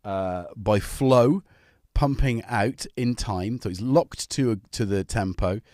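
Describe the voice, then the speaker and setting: A man's voice: lowish voice, takes it slowly, a little mellow, no echo. A man hosting a casual livestream from his home music studio, rambling cheerfully and greeting viewers by name. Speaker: livestream host.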